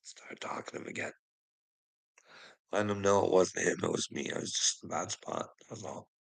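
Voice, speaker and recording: A man from Canada talking in a casual, rambling monologue, swearing often and trailing off quietly at the ends of phrases. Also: sits low, moderate pace, vocal fry, breathy edge, low-quality recording. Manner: rambling, heavy swearing, frequent "you know what I mean". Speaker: vlogger.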